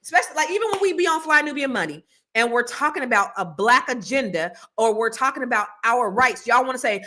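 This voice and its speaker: Bright-voiced woman hosting a livestream. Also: on the high side, expressive, fast talker. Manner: blunt and profane, swings between mumbling and heated ranting; reads viewer comments aloud. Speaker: host. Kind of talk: casual livestream chat.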